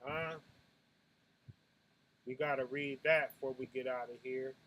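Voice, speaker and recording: A man giving a casual, conversational sermon as the show's host. He keeps checking in with "right?", drops low and soft, then bursts out loud with punching sound effects. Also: steady tone, a little slow. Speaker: preacher hosting a Sabbath night talk.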